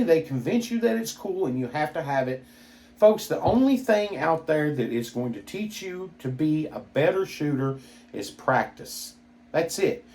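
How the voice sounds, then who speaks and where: A man's voice: on the high side, animated, unhurried, darkish tone. Blunt, exasperated man ranting. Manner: blunt and exasperated, swears mildly. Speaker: gun channel host. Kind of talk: opinionated monologue.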